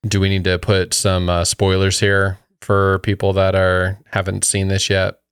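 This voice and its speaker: A man in his thirties co-hosting a podcast, relaxed and quick to laugh, in casual chat. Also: sits low, smooth, dry recording, clean studio sound. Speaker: podcast co-host.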